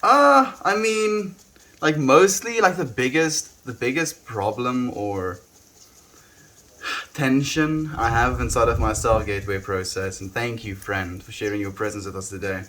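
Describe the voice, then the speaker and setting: A young South African man chatting softly and reflectively with viewers on a live stream, often trailing off with "you know". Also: mid-range voice, normal speed. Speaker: livestreamer. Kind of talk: casual live-stream chat.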